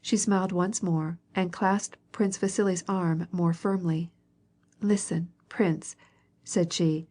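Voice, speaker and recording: A woman reading a classic novel aloud as an audiobook narrator, in a measured way, gently voicing each character. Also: on the low side, fairly even intonation.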